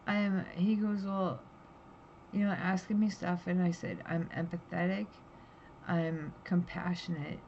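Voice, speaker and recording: A woman's voice: fairly low pitch, level tone, unhurried, darkish tone. A woman telling a candid story in a personal vlog, tired and drowsy, talking in a raw, rambling, emotional way. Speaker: vlogger. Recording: dull lo-fi audio with faint background hiss.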